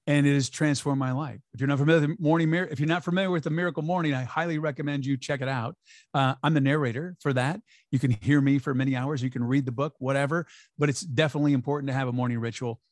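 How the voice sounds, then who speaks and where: A man's voice: medium pitch, darkish tone, no room sound. A man talking as an interview guest, upbeat and emphatic, sometimes acting out quoted voices. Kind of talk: conversational interview.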